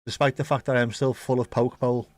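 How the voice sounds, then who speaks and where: A man's voice: mid-range voice, quick pace, no room sound. Joking British man commentating live. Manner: joking, bursts into excitement at goals. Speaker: watchalong host. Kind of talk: casual live match commentary.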